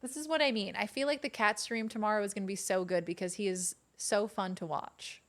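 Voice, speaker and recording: A woman's voice: mid-range voice, steady tone, a little fast, fairly bright tone. A woman streaming a game in casual, chatty commentary, now and then cooing baby talk at her kitten.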